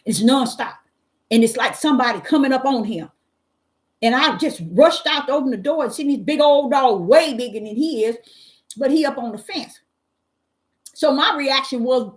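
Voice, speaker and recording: A woman hosting a live stream, telling a story in an animated, exclamatory way, repeating phrases for emphasis and talking to her viewers directly. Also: a little high, normal speed. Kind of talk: casual storytelling monologue.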